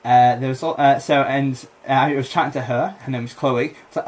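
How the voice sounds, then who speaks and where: A man's voice: medium pitch, animated, brisk, hardly any pauses. A young man, a comedian and podcast co-host, telling a rambling story with lots of fillers and laughter in casual chat.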